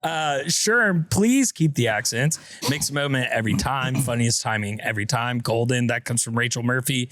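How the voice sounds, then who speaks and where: A man's voice: medium pitch, moderate pace, a bit bright, no echo, studio quality. A man hosting a casual podcast, chatting playfully and reading listener messages aloud. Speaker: podcast host.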